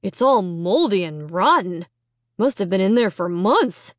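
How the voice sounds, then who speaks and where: A woman voicing a practical, level-headed father who speaks in a calm, matter-of-fact way. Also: mid-range voice, a little slow, no echo, clean studio sound, close to an everyday voice.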